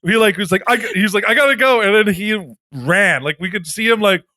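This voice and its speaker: A man's voice: sits high, fairly quick, bright, forceful tone, no room sound, clean studio sound. A young man co-hosting a podcast, telling a rambling story in casual chat with lots of fillers. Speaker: podcast co-host.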